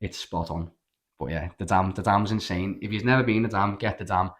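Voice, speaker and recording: Scouse lad on a podcast, lowish voice, swears a lot, tells stories all lively. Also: male voice, brisk. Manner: sweary, animated storyteller. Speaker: podcast co-host. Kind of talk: casual storytelling chat.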